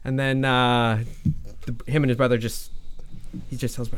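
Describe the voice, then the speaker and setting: A man's voice: medium pitch, level tone, normal speed, pauses often, a little hiss or hum. A man telling a story in a casual, rambling way, full of fillers and restarts, and swearing freely.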